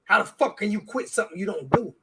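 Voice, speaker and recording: A man's voice: high-pitched, animated, fast talker, a bit bright, slight background noise. A man on a sports talk show, ranting with heavy swearing and repeating his words. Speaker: show regular.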